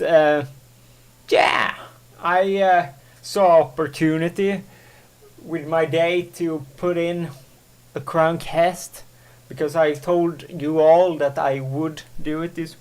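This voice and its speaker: Slow, rambling man hosting a podcast. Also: fairly high pitch. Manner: rambling, full of fillers and self-corrections. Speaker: show host. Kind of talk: casual solo podcast monologue.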